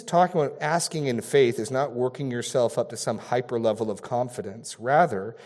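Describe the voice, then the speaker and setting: A man preaching an expository sermon in an earnest way, getting louder and softer to stress his points. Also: medium pitch. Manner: earnest, varies loudness for emphasis.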